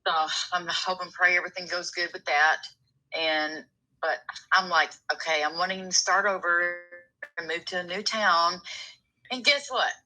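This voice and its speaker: Woman caller, very bright tone, animated and dramatic. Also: fairly low pitch, normal speed, soft background music, low-quality recording. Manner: excitable, dramatic, rising exclamations. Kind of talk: phone-in chat.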